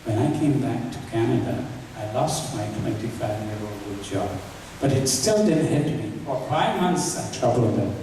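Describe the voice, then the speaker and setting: A devotional speaker with a mid-range, warm, animated voice talks at a measured pace, earnestly sharing personal stories and acting out remembered dialogue. He's recorded from far off in a large, echoey hall, with faint hiss.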